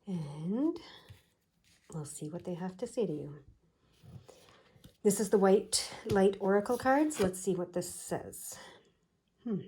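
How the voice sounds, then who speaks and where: A woman giving a casual pick-a-pile tarot card reading. She talks in a chatty, wandering way full of fillers, and her throat is irritated, so she keeps clearing it. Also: mid-range voice, lively intonation, slow, long pauses, mellow. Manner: chatty, digressive, frequent fillers.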